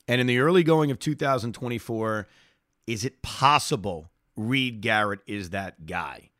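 A sports talk radio host reads listener email and answers emphatically, repeating phrases for effect. His voice is on the low side with a fairly bright tone at a moderate pace, and the studio recording is dry and clean.

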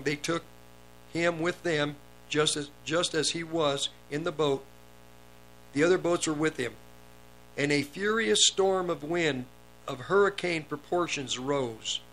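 A man's voice: fairly high pitch, fairly bright tone, slight background noise, poor audio. A man preaching a sermon, reading scripture aloud and explaining it, lifting his voice on the quoted commands. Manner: reads verses then comments, raises voice on commands.

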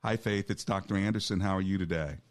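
A man's voice: sits low, quick pace. A man hosting a call-in radio show as a pastor, talking conversationally with preacherly asides.

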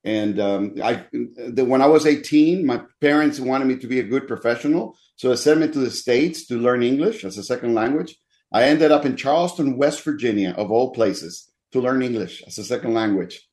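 A man's voice: medium pitch, moderate pace, darkish tone. A man in his sixties from the Republic, a pastor, earnestly telling his life story as an interview guest, with many fillers. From Dominican Republic. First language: Spanish.

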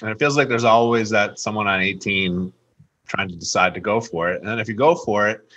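A man's voice: lowish voice, a little fast, bright, forceful tone, muffled recording. A man co-hosting a podcast, chatting casually about golf with a rambling, restart-heavy way of talking. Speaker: podcast co-host. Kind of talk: casual sports chat.

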